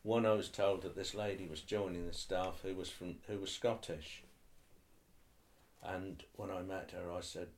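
A man's voice: sits low, flat delivery, moderate pace. An older man being interviewed, speaking thoughtfully and hesitantly, with restarts and tag questions. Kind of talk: reflective oral-history interview.

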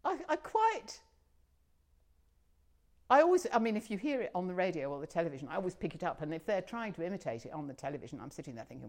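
Low-voiced older woman reminiscing. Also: sing-song, fast, a little mellow. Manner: chatty, rambling with many restarts and fillers. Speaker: interviewee. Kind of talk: oral history interview.

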